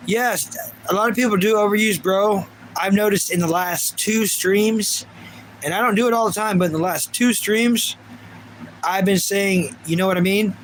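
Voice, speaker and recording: This livestreamer, a man in his thirties with a high-pitched voice, talks at normal speed amid slight background noise. He reads out viewer comments casually, rambling and often beginning again.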